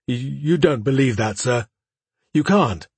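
A man voicing a chubby, timid male chamberlain who talks in a squeaky, stuttering, pleading way. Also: animated, unhurried, husky, no room sound. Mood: earnest.

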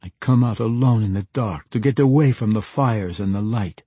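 A man's voice: medium pitch, moderate pace, warm tone, slightly rough, dry recording, pitched above the performer's own voice, close to an everyday voice. A man playing a melodramatic young poet. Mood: firm. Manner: theatrical, declaiming.

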